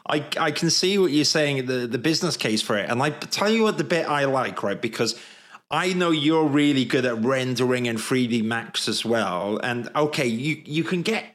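Jokey Welsh man on a video call. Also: medium pitch. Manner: jokey, self-deprecating, easily excited. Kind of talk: casual chat.

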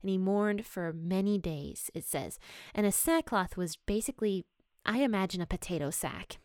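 A woman's voice: mid-range voice, animated, moderate pace, darkish tone, no room sound, studio quality. A young woman giving a casual, chatty Bible study, sharing personal stories and laughing as she explains. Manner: chatty and conversational, laughs while telling stories. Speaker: Bible teacher.

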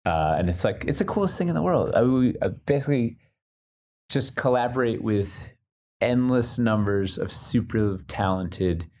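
A man talking as a podcast guest, excitable and rambling, with lots of restarts. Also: mid-range voice, moderate pace. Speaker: podcast guest, creative director. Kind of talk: casual podcast interview.

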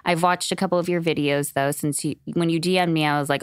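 A woman's voice: deep voice, steady tone, quick pace, few pauses, clear, resonant tone, dry recording. A woman in her twenties hosting a podcast, candid and emphatic, swearing freely in casual talk on a close mic. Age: 20s. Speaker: podcast host.

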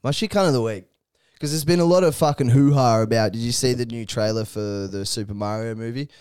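A man's voice: medium pitch, a little fast, darkish tone, smooth, dry recording, clean studio sound. A young man co-hosting a podcast, ranting in crude mock outrage with lots of swearing. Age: young adult. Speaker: podcast co-host. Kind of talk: crude casual banter.

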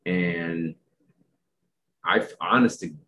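Low-voiced male podcast host, loose and rambling, self-deprecating humor. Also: extremely slow, sharp tone. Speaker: podcast host and dog trainer. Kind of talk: casual podcast chat.

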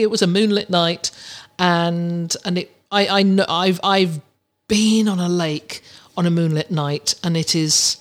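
A woman hosting a podcast, giving casual advice in a chatty way with many restarts and fillers. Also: on the low side. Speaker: podcast host.

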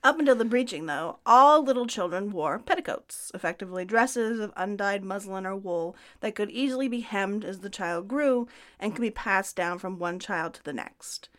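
A woman's voice: medium pitch, lively intonation, normal speed, fairly bright tone. A woman co-hosting a podcast, narrating history from a script in a conversational way with casual asides. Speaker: podcast co-host.

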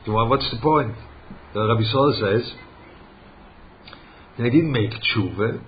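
A man giving a religious lesson, halting and searching for words as he poses rhetorical questions. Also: mid-range voice, a little hiss or hum. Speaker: rabbi teaching Torah. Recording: dull lo-fi recording.

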